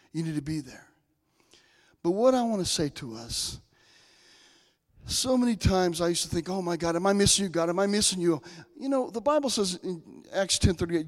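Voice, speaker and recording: Preacher, male, folksy storyteller, high voice, church reverb. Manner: folksy storytelling, swings from soft to loud. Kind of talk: sermon with personal stories. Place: church sanctuary. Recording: long hall reverb.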